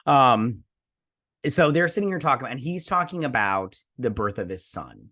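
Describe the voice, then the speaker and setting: A man's voice: mid-range voice, lively intonation, normal speed, sharp tone. A man hosting a casual episode review, chatty and rambling, full of fillers and blunt opinions. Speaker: host.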